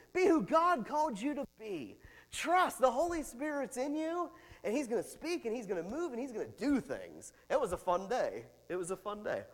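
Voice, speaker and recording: A man pastor preaching a sermon, animated, with big swings in loudness and chatty asides. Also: high voice, in a large hall.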